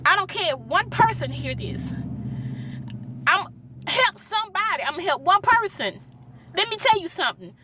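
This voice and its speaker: A woman's voice: very high voice, very animated, moderate pace, pauses often, pushed and bright, slight background noise. A young woman, a gospel singer, giving an emotional personal testimony, pleading and repeating her words for emphasis, at times tearful. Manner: pleading, repeats phrases for emphasis, Southern Black church cadence.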